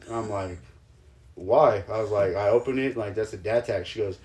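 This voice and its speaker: A young man, a stepdad, telling stories in casual chat, animated and swearing, often laughing. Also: fairly low pitch, moderate pace.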